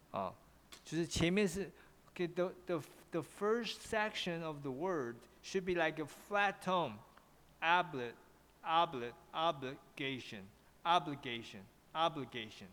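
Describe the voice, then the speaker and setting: A man's voice: on the high side, a bit bright, in a large hall. A man with a Taiwanese accent teaching English pronunciation in an online class, often repeating himself and switching into Mandarin.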